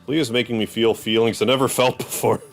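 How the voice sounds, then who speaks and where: A man's voice: medium pitch, steady tone, fast, soft background music. A man streaming a video game, joking and rambling through casual commentary. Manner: joking, self-deprecating asides.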